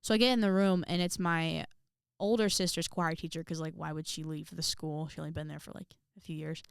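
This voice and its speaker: A young adult woman telling a story on her vlog in a sassy, animated way, with exaggerated outbursts. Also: low voice, brisk, creaky, clear, resonant tone, no echo, clean studio sound. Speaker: vlogger.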